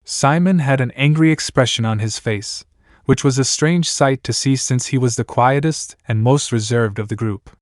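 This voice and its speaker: A man reading a fan story aloud in steady narration. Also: mid-range voice, normal speed, dry recording, studio quality. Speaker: fanfiction reader.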